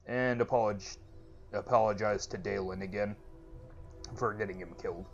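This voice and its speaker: Lowish male gamer narrating casually. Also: steady tone, moderate pace, creaky. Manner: chatty, joking asides. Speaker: let's play host. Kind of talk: casual game commentary. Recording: lo-fi with game music behind.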